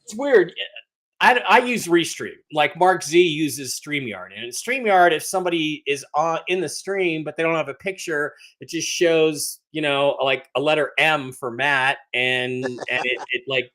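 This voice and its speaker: A man's voice: on the high side, unhurried, a bit bright. A man hosting a casual livestream, greeting viewers by name and rambling with many restarts and mock-hurt teasing. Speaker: livestream host.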